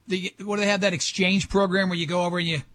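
A man's voice: high-pitched, level tone, fast talker, a bit bright, a little hiss or hum. A middle-aged man hosting a talk show, telling rambling, joking stories in casual chat. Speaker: radio show host.

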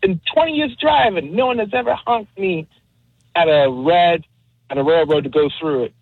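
A man calling in to a radio show to tell an animated story. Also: on the high side, moderate pace, husky, no echo. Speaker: caller. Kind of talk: telling a story on a call-in show. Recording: tinny phone line.

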